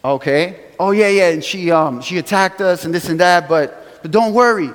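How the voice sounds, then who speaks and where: A man preaching a sermon, telling stories with animated acted-out quotes and chuckles, from a church sanctuary. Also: sits high, normal speed. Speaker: pastor. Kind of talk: sermon storytelling. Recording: long hall reverb.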